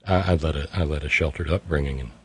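A man's voice: rumbling low, fast talker, husky, no room sound. A middle-aged man hosting a call-in radio show, sardonic, reading listener messages aloud in mocking voices. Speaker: radio talk show host.

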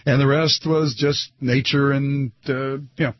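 A man's voice: medium pitch, fairly even intonation, dry recording, highs cut off. A man hosting a radio talk show in a studio, chatting casually with lots of fillers and restarts. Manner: halting, many fillers and restarts.

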